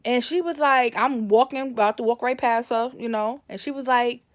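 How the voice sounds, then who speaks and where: A woman's voice: on the high side, normal speed, no echo, studio quality. A woman telling a personal story in a casual, rambling way, often correcting herself and livening up when she quotes her family. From Brooklyn, New York.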